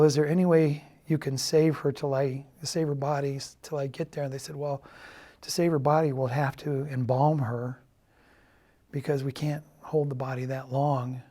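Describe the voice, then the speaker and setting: A middle-aged man giving a personal testimony in a church, softly telling a painful story and quoting others' words, his voice breaking at times. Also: medium pitch. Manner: quiet, halting storytelling that quotes others' words.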